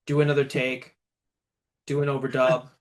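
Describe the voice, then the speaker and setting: A man's voice: mid-range voice, flat delivery, moderate pace. A man from the United States, a guitarist in a guest band, chatting casually in an interview and acting out quotes in a raised voice as he tells stories.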